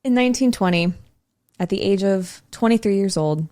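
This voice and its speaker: A woman's voice: medium pitch, moderate pace, warm tone. Woman podcast host, chatty, storytelling, prone to tangents, mid-range voice. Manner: chatty, giggly, drifts into side remarks. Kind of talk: casual storytelling chat.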